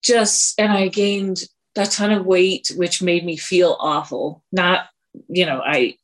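Her voice is fairly low and slow, with fairly even intonation. She's a Colorado woman in her forties, a podcast guest giving a candid personal interview, earnest and confessional, sighing and laughing at herself.

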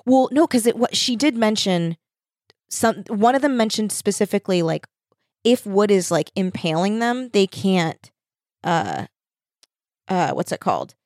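A woman's voice: medium pitch, big pitch swings, a little slow, darkish tone, no room sound, studio quality. A woman co-hosting a casual book podcast, talking hesitantly with many filler words as she searches for words. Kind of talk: casual chat.

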